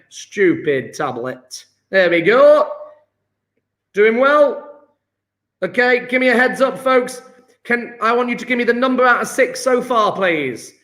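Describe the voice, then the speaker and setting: Man, high-pitched, chemistry teacher, live online lesson, upbeat, chatty, encouraging. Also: a bit bright. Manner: upbeat, chatty, praising students as he works sums aloud.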